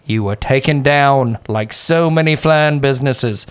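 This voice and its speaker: A formal sorcerer, played by a man in a tabletop game, addressing a spirit slowly and ceremoniously. The voice is smooth and clear, and the tone is flattering. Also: medium pitch, lightly acted. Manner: slow and ceremonious.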